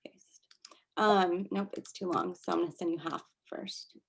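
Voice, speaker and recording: A woman's voice: fairly low pitch, steady tone, a little slow, creaky, a little hiss or hum. A woman presenting a casual workshop over a video call, laughing often and restarting her sentences as she coaches. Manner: chatty, laughing, many restarts.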